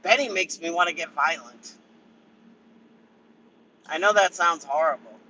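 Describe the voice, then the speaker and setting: A man's voice: on the high side, measured pace, sharp tone, muffled recording, a little hiss or hum. A man ranting casually and profanely on a livestream from a vehicle, answering chat members by name. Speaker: livestream commentator.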